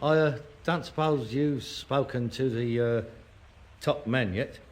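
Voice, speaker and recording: A man's voice: mid-range voice, measured pace, close to an everyday voice. An actor playing a sardonic grown son who mocks his father, in a broadcast sitcom. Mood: sarcastic. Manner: sarcastic, mocking, scornful.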